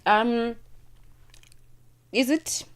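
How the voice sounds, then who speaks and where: A woman's voice: fairly high pitch, drawn-out words. A South African woman hosting a radio show, chatting casually with a guest, laughing often and talking while she eats.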